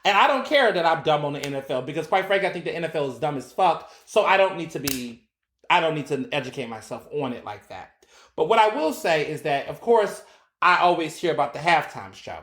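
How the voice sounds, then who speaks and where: A man hosting his own podcast, giving casual, animated solo commentary with profanity and acted-out quotes. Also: fairly high pitch, a little fast. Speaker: podcast host. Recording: roomy echo.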